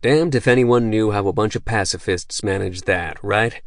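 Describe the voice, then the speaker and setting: A man voicing a crude, boisterous veteran soldier who swears constantly and talks loudly with swagger. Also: lowish voice, moderate pace, no echo, studio quality, close to an everyday voice. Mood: brash. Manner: profane, swaggering, loud.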